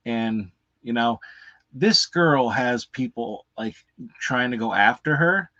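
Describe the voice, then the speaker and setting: A man's voice: mid-range voice, expressive, takes it slowly, pushed and bright, no room sound, lo-fi sound. A man hosting a casual live unboxing, rambling and cursing freely with lots of fillers. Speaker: movie reviewer and unboxing host.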